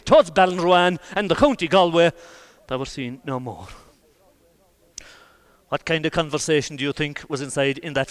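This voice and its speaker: Lively Irish folk storyteller, man. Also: fairly high pitch. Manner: lively, colloquial and vivid, swinging between loud bursts and hushed asides. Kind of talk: traditional oral folk storytelling.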